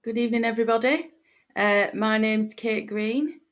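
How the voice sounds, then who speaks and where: A woman's voice: on the high side, normal speed, muffled recording. A middle-aged woman with a Lancashire accent, a medium greeting viewers on a livestream in a homely, chatty way with plenty of fillers. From Lancashire, England.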